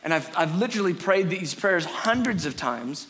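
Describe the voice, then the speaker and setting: A middle-aged man preaching a sermon on a church stage, animated and earnest, acting out little scenes for his listeners. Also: moderate pace. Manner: animated, acts out a frantic crowd in a high put-on voice. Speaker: pastor. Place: church stage before a congregation.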